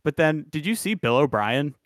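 A man's voice: a little high, big pitch swings, normal speed, no echo, clean studio sound. A man co-hosting a sports podcast, chatting casually, rambling and laughing at his own asides. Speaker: podcast co-host.

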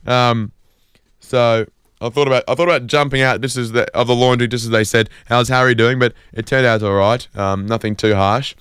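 A man's voice: mid-range voice, steady tone, fairly quick, a bit bright, smooth, dry recording, clean studio sound. An Australian man hosting a community radio show, rambling through a self-deprecating comic monologue with lots of fillers and restarts. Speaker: radio host.

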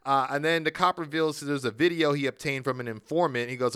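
A man's voice: fairly high pitch, a little fast, a bit bright, clean tone, dry recording, clean studio sound. A man casually recapping a wrestling show on a podcast, rambling with fillers and restarts. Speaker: podcast co-host.

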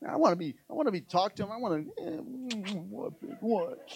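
A male pastor preaching a sermon, calling out to the congregation and swinging between rousing exhortation and soft, hushed passages. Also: high-pitched, big pitch swings, racing, breathy edge. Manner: calls out to the church.

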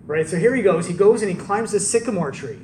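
A man preaching a conversational sermon to a live audience, telling the story in an animated way and tossing in rhetorical questions. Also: high-pitched, fast, a little hiss or hum. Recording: echoey room, distant mic, faint ambience.

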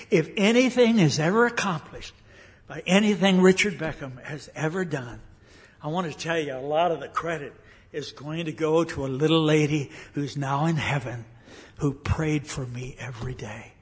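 An older man preaches as a visiting speaker in a church sanctuary, telling a story in a folksy way. His voice sits a little higher than average and he often pauses with fillers and restarts his sentences. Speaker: guest preacher. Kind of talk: sermon storytelling.

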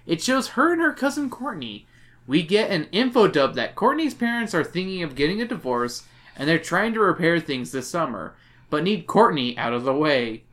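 A man's voice: a little high, sing-song, moderate pace, fairly bright tone. A drunk man hosting a podcast, recapping a book with sarcastic, giggly asides. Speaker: podcast host.

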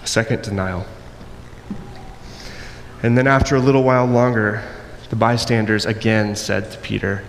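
A man preaching a sermon, acting out the quoted voices and moving between loud and soft passages. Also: on the low side, steady tone, normal speed, long pauses. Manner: acts out quoted voices, varies loudness widely. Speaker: pastor. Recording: long echo in a hall, faint noise.

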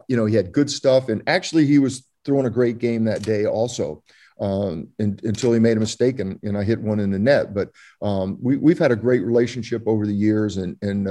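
An older former ballplayer from Florida tells stories in an interview, his voice lowish and mellow. He rambles, with many fillers and restarts.

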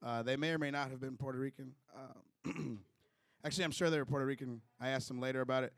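A man's voice: medium pitch, fairly even intonation, fast talker, vocal fry, fairly bright tone, dry recording, studio quality. A young man from Chicago doing a loose, chatty stand-up set with crowd work, chuckling through his own jokes. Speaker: stand-up comedian.

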